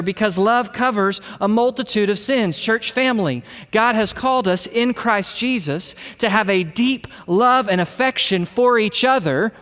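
A man preaches to his congregation in a church, his voice sitting high for a man. He presses each point with earnest repetition, and the words ring out into a long reverberant hall. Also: fairly bright tone. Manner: earnest, emphatic preaching with repeated phrases. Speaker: pastor. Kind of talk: sermon. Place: church sanctuary.

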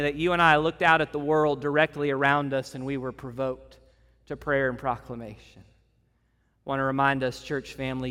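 A pastor with a smooth, bright, pushed mid-range voice preaches a sermon to his church in a meeting room. He is earnest, building his points through repeated phrases and lists, and the hall adds long reverb.

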